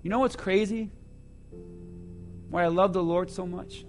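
A man preaching a sermon to his church, swinging between loud emphasis and hushed asides. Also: high voice, fairly even intonation, unhurried, soft background music. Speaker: pastor.

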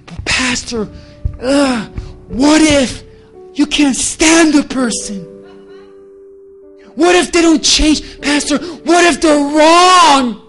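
A whining churchgoer drags out a complaint in a very high voice, as a preacher puts him on. The protest is slow and strained. Faint music sits behind it. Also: male voice, fairly bright tone, heavily acted.

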